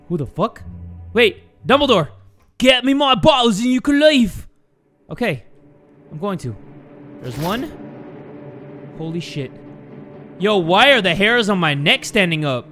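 A young man hosting a gaming channel, giving jokey, excitable horror gameplay commentary, swearing and yelling when startled. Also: sits high, measured pace, long pauses, soft background music.

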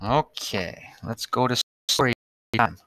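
A patient male teacher records a lesson for young children, stretching out his sentences and breaking them into single words. His voice is bright and forward. The sound is close and dry, with no room around it. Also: medium pitch, lively intonation, slow, no echo. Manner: patient, spells out words one by one.

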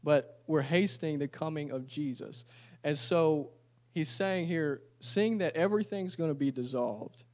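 A man's voice: a little high, unhurried, a little mellow. A man preaching a sermon in a church. He reads scripture aloud and then explains it in casual, everyday talk. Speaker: pastor.

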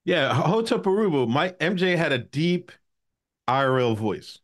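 A man hosting a casual podcast, telling stories with animated, profane banter. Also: a little high, measured pace. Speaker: podcast host.

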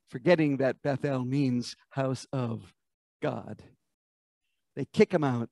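A man's voice: mid-range voice, takes it slowly, vocal fry, pauses often, darkish tone, no room sound. An American man preaching a sermon, retelling scripture as a vivid story and asking listeners to imagine it. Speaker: pastor.

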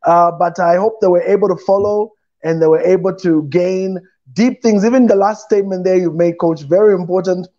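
A man's voice: high voice, steady tone, a little fast, warm tone. A middle-aged man, a pastor hosting an online conversation, talking casually and with animation, laughing and acting out voices as he tells stories. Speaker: pastor and show host. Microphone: video call. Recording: dull lo-fi online call audio.

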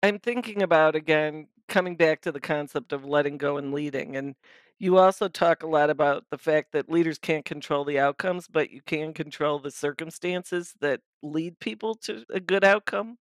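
A woman's voice: low voice, moderate pace, no room sound. A woman hosting an interview podcast, asking a question in an affirming way. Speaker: podcast host.

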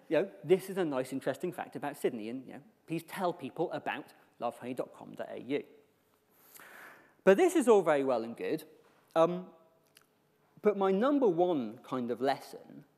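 A man with a slightly higher voice gives a conference talk, dropping dry jokes along the way. His voice rings out with a long reverb from a large hall. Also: a little mellow. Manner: wry, joking asides. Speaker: conference speaker. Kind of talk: conference presentation.

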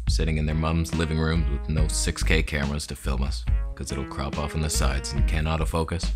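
A man vlogging a sarcastic, exasperated comedy rant about a camera. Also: extremely low pitch.

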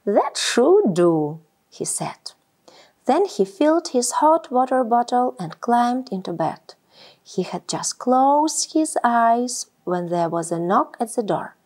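Woman storyteller for children's read-aloud; slow, high and expressive.

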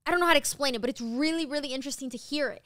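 A young woman co-hosting a podcast, chatting casually and gushing with animated enthusiasm, dropping the odd swear. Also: high-pitched, racing, dry recording, studio quality. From United States. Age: young adult. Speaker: podcast co-host. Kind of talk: casual chat.

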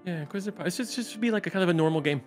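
A man's voice: sits high, rapid-fire, soft background music. A man chatting casually with friends on voice chat while streaming a social deduction game, playful and talkative. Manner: playful, chatty, lively intonation.

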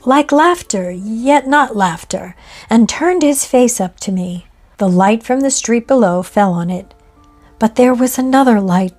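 A woman reading a ghost story aloud in a measured, expressive way. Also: on the high side. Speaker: narrator. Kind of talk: scripted ghost story narration.

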